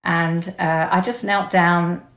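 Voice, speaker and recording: A woman with a fairly low voice recounts a story as a podcast guest. She speaks earnestly, with hesitant pauses and ums. The recording has a roomy echo. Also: level tone, a bit bright. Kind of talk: conversational storytelling.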